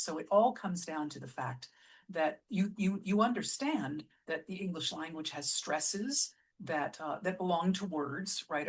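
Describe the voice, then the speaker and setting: Teaching lyric writing in a casual vlog, this musical theatre artistic director has a low-pitched, breathy-edged voice. She takes her time, restarting phrases often, and patiently sounds out her example lines slowly.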